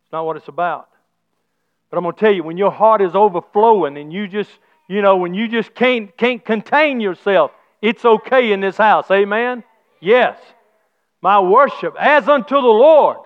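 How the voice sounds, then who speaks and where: High-voiced preacher, quiet to shouting. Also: male voice, normal speed, no echo. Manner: swings from soft and low to shouting praise; Southern church preaching with folksy grammar. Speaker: pastor. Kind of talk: sermon. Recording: slightly dull lo-fi sound.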